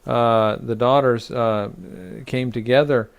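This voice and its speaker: A man teaching a weekly online Torah study as rabbi, speaking haltingly with many fillers and restarts. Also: medium pitch, fairly even intonation, clean tone. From United States.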